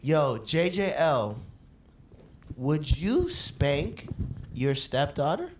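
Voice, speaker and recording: A man's voice: a little high, very slow. A man co-hosting a casual podcast chat, telling stories with lots of acted-out quotes. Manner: animated storyteller who acts out quotes. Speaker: podcast co-host. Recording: roomy room with faint background noise.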